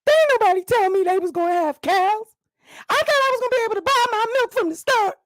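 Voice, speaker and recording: A woman's voice: very high-pitched, expressive, quick pace, no room sound, clean studio sound, voice pushed up. A woman voicing a spoiled young wife who whines and swears indignantly.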